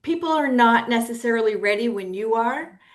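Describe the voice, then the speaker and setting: A woman joining a panel discussion over a video call, calm and affirming. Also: on the high side, moderate pace. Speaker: panel participant. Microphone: video call mic.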